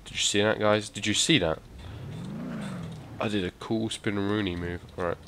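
An energetic young man giving excitable, swear-heavy commentary on a driving game. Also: on the low side, moderate pace. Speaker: gaming YouTuber. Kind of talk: gameplay commentary. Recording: loud game car noise behind.

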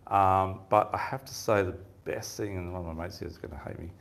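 A man's voice: deep voice, brisk, gravelly. A man giving a fishing seminar, telling rambling stories in a casual chatty way and laughing often. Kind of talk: casual storytelling talk. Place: seminar room with audience.

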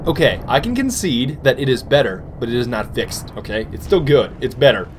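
A young man giving goofy, excitable commentary over his own gameplay footage. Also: medium pitch, brisk, background noise. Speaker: gaming commentator.

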